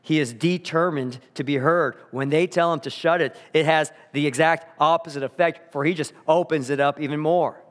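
A man preaching a sermon, earnest and emphatic, slowing down to repeat key phrases, in a church sanctuary. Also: on the high side, steady tone. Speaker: pastor. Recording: long hall reverb.

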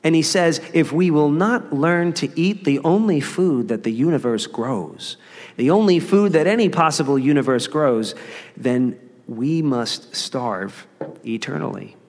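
A man's voice: fairly high pitch, animated, a little slow. Man preaching in a reverberant hall. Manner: earnest, conversational preaching with rising emphasis. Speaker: pastor. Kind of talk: sermon.

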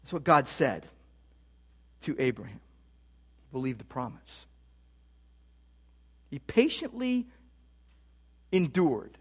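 A man's voice: medium pitch, big pitch swings, slow pace, pauses often, breathy edge. A man preaching a sermon as pastor, emphatic and repeating key phrases for stress. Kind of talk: expository sermon.

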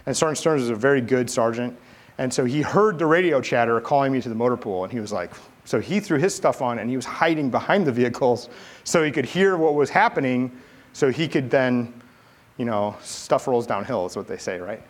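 A middle-aged man preaching a sermon from the United States, talking in a relaxed, conversational way and telling a personal story with lively delivery. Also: brisk. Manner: conversational, animated storytelling with rising pitch in quoted dialogue. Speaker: pastor.

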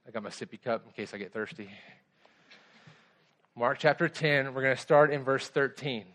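A man's voice: medium pitch, moderate pace, a bit bright. A middle-aged pastor giving a conversational sermon to children and adults, asking the kids simple questions as he goes.

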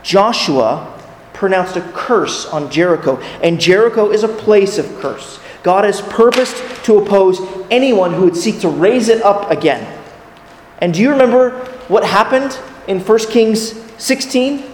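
High-voiced preacher in an echoing hall. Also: male voice, animated, unhurried, slight background noise. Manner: earnest, asks the audience rhetorical questions. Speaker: pastor. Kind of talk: sermon. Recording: echoey hall with long reverb.

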